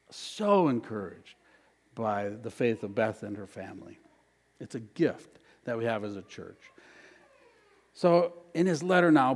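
A man's voice: medium pitch, a little mellow. A middle-aged man preaching a sermon as pastor, earnest, repeating key phrases and inviting the congregation to say them back.

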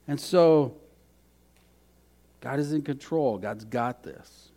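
Male pastor, slightly higher voice, earnest sermon delivery, swings loud to hushed. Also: a little slow, pauses often.

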